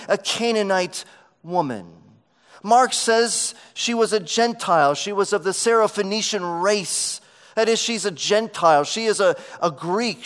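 Male pastor, high-pitched voice, unhurried delivery, sermon in a long-reverb sanctuary. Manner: preaching with emphatic swells and dropping to quiet lows.

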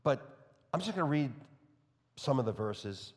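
Male preacher, faint New York accent, animated when excited, in a reverberant hall. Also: mid-range voice, normal speed. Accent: New York, slight. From New York area. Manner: enthusiastic, speeds up when excited, reads scripture aloud. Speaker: pastor. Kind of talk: expository sermon.

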